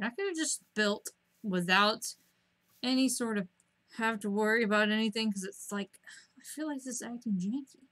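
A woman streaming a game at home, chatting to herself in a rambling, casual way and breaking into excited squeals at the animals. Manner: rambling, self-talking, bursts of high squeals at animals.

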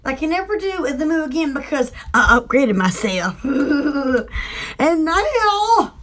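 A woman's voice: sits high, very animated, takes it slowly, fairly bright tone. A woman hosting a casual home shopping live stream, rambling and laughing often as she chats and mimics household appliance noises.

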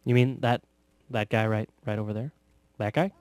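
A man casually commenting on a video game, joking sarcastically with bursts of loud laughter. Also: on the low side, steady tone, normal speed, smooth, no echo, faint music behind. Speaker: gameplay commentator. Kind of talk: casual let's play commentary.

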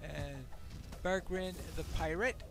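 A man's voice: a little high, fairly even intonation, takes it slowly, gravelly. A man giving casual let's-play commentary, chatting and reacting aloud while he plays. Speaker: gameplay commentator.

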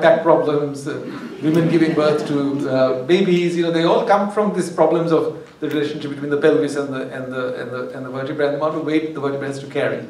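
A man giving an academic lecture, discursive and wry, often restarting his phrases. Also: a little high. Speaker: guest lecturer. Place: lecture hall. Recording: echoey hall, far from mic, faint ambience.

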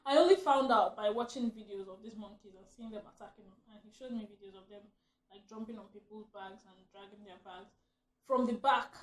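A woman's voice: on the high side, reverberant. A young adult woman vlogger telling a story in a casual, chatty way, breaking into laughter often.

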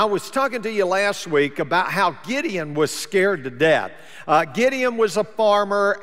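High-voiced man preaching in a reverberant church. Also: fairly bright tone. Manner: conversational preaching, plain folksy wording. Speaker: pastor. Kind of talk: sermon. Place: church sanctuary.

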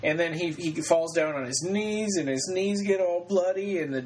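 A man co-hosting a podcast, retelling a story in relaxed casual talk with fillers. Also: high-pitched, normal speed, a loud crowd, poor audio. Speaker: podcast co-host. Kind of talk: casual book discussion.

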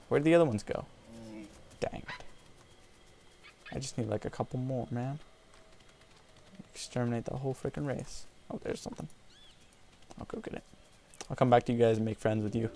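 Brief: male let's-play host, gravelly tone, jokey trash talk at in-game creatures. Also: medium pitch, mellow, slight background noise. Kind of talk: casual gameplay commentary.

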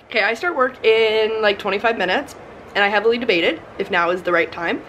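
A young lifestyle vlogger chats casually to her camera in a fairly quick, mid-range voice with a fairly bright tone. The audio has its highs cut off and a little hiss or hum. She's chatty and rambling, filling her talk with frequent "like."

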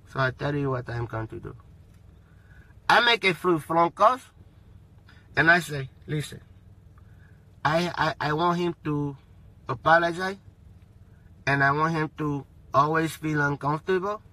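A man voicing a calm, menacing gangster boss who talks slowly and quietly in a low voice. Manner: slow, low, threatening delivery.

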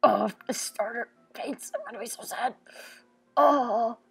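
A woman's voice: a little high, brisk, vocal fry, breathy edge, faint music behind. A young woman hosting a let's play, rambling and joking to herself with sudden silly outbursts. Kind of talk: casual game commentary.

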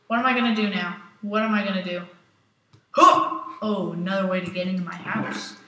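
A woman's voice: mid-range voice, fairly even intonation, fast talker. A woman chatting casually to herself and her viewers while playing a block-building game. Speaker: Minecraft let's-play host. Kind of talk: casual gameplay commentary. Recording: roomy, distant mic. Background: loud game music.

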